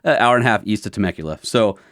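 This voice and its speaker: A man hosting a podcast, telling a story in an animated way and acting out the other person's lines. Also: lowish voice, rapid-fire, no room sound, studio quality. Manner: animated storyteller who acts out quotes. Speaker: podcast host. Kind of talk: casual conversation.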